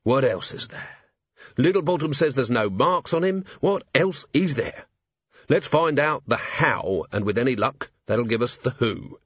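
A man's voice: medium pitch, lively intonation, a little slow, fairly bright tone, husky, dry recording, highs cut off, voice pushed up. A man voicing a grim, angry male watch commander in an audiobook, talking in clipped, barely controlled bursts. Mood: frustrated.

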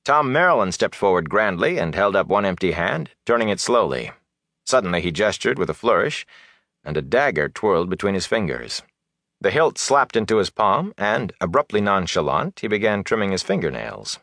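Deep-voiced male audiobook narrator. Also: creaky, no echo, clean studio sound. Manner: measured, steady storytelling. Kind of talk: scripted fantasy narration.

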